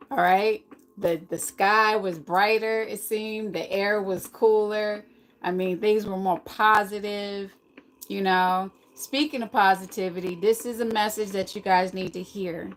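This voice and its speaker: A woman's voice: medium pitch, fairly even intonation, unhurried, low-quality recording. A middle-aged American woman with a slight lisp, hosting a casual livestream and answering viewers in the chat. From United States. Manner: chatty, reads and answers the chat aloud. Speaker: livestream host.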